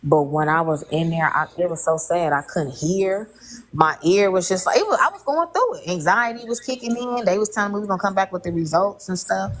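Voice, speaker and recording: A woman in her late thirties tells a personal story in casual conversation, candid, colloquial, and full of strong feeling. Her lowish voice is fairly quick with lively intonation, and the recording is rough.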